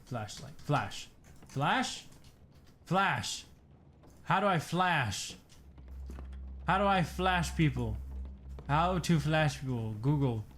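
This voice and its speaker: A young man with a slightly high voice talks his way through a horror game, cracking jokes to himself and yelping when startled. He sounds tired at times. A faint ambience hums behind him. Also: lively intonation, slow pace, long pauses, a bit bright, slight background noise. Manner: jokey, talks to himself, jumpy outbursts. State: tired, yawning. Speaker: gaming streamer. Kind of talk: horror game let's play commentary.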